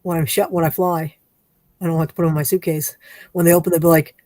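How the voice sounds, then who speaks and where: A woman's voice: lowish voice, level tone, fast talker, mellow, no room sound. A woman, rambling and teasing in casual chat while she crafts on a livestream. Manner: rambling, chatty, playfully teasing.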